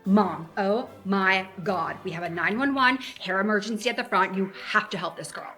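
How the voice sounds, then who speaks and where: Lady doing a sassy salon mom, bright sharp voice, pet names galore. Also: mid-range voice, moderate pace, faint music behind, natural voice. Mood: doting. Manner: gushing, pep-talking, full of pet names. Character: sassy, doting hair salon owner mom. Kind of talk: comedy sketch acting.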